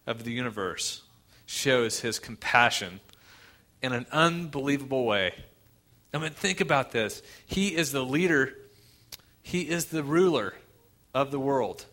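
Emotional preacher guy, bright tense voice, lots of rhetorical questions. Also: medium pitch. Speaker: pastor. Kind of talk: sermon.

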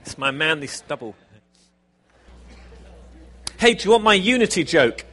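A man's voice: on the high side, sing-song, measured pace, bright, forceful tone. A man preaching a sermon in a conversational, self-deprecating, jokey way.

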